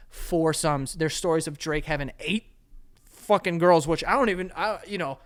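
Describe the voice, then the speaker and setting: A man's voice: a little high, a bit bright. A man co-hosting a podcast, chatting casually and animatedly, laughing often and swearing freely. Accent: New York. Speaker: podcast co-host. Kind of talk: casual chat.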